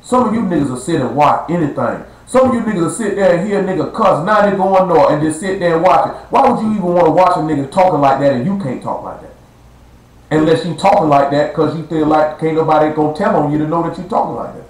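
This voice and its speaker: A man's voice: on the high side, quick pace. A man preaching a blunt, slangy sermon to a small live-streamed gathering, stretching out words for emphasis. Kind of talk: street-style sermon. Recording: echoey live stream room.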